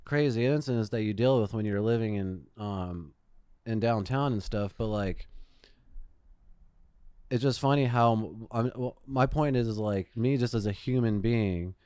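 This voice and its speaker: Casual podcast host, man, swears freely, smooth clear voice, dry close sound. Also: fairly low pitch, a little slow, a little mellow, no room sound. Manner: profane storytelling, swears a lot. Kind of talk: casual chat. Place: Phoenix, Arizona.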